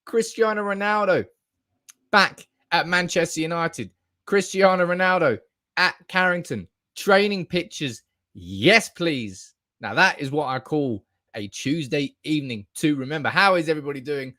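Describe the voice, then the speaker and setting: A young man hosting a fan channel live stream, excitable and hyped-up, reacting with bursts of enthusiasm. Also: fairly high pitch, moderate pace, dry recording, studio quality. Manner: excitable, hyped-up, calls viewers baby.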